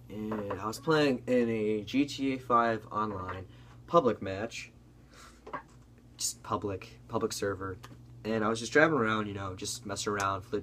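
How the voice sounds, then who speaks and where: A man's voice: on the low side, sharp tone, slight background noise. A young man co-hosting a casual comedy chat, telling a gaming story with lots of fillers and swearing. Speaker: co-host.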